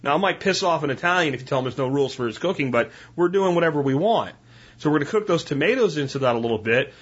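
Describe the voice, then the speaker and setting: A man's voice: on the high side, expressive, quick pace, fairly bright tone, slightly rough, lo-fi sound. A man hosting a podcast, chatting through cooking tips in a casual, instructional way with frequent "right?" asides. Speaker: podcast host. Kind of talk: casual solo podcast talk.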